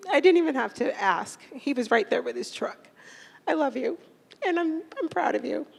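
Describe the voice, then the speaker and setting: A young woman orchestra teacher with a mid-range voice and vocal fry gives an emotional, fond farewell speech to her graduating students in a large concert hall. She holds back tears and laughs between lines, and the echoey hall reverb is audible.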